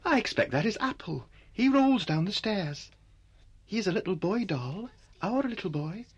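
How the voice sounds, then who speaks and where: A woman voicing an earnest, polite little male doll who is a bit flustered, in an animated series. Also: medium pitch, normal speed, breathy edge. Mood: indignant.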